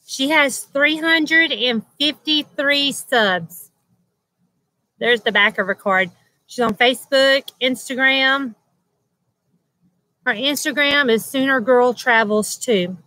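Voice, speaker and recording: A woman's voice: sits high, slow, pauses often, bright, forceful tone, dry recording, poor audio. A woman hosting a casual livestream chat at home, greeting viewers by name and laughing often. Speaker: livestream host. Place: at home beside a loud air conditioner.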